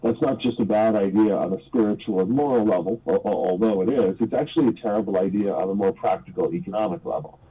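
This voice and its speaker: This economist guest on a radio talk show speaks fast with hardly any pauses, his fairly low voice carrying a breathy edge. He's earnest and articulate in his interview commentary, and the sound is dull lo-fi radio.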